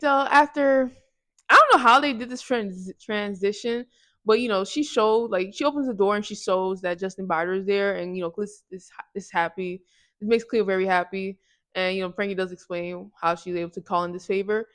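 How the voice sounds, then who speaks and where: A woman's voice: medium pitch, steady tone, a little fast, fairly bright tone, dry recording. A woman casually recapping a movie for her review channel, rambling in slang and often correcting herself. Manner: rambling, slangy, self-correcting with restarts and laughs.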